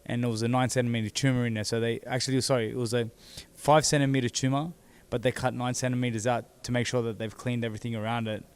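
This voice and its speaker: A man in a seated interview, his voice smooth and clear and his pitch held fairly flat and even. He tells a personal story in a halting way, often repeating words before he goes on. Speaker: interview guest, former boxing champion.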